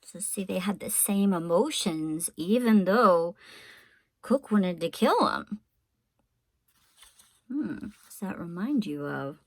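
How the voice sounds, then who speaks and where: A woman teacher reading a storybook aloud to her class, in an expressive, unhurried way. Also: fairly low pitch, no room sound.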